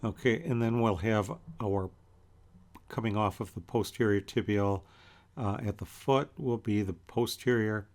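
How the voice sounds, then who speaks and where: A man teaching an anatomy lecture in a relaxed, conversational way as he points through pictures. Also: on the low side. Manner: relaxed and conversational, with many fillers and pauses. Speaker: anatomy instructor.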